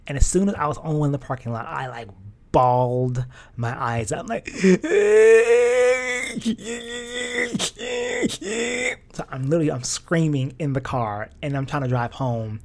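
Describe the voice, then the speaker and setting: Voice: medium pitch, a little fast. A young adult fashion stylist telling a personal story in a casual, emotional way, with slang and lots of fillers.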